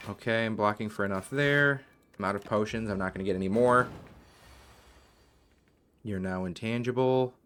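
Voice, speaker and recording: A man's voice: on the low side, normal speed, long pauses, a bit bright, slight background noise. A man commentating his own card game play, muttering card names and worried asides as he goes. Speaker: gaming video host. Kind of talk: gameplay commentary.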